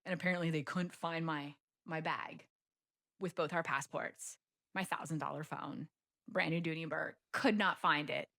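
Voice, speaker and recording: A woman's voice: sits low, steady tone, moderate pace, gravelly, fairly bright tone. An American woman guesting on a podcast, telling a travel story in a chatty way, full of "like", and acting out her own past lines dramatically. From United States. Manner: chatty, peppers speech with "like".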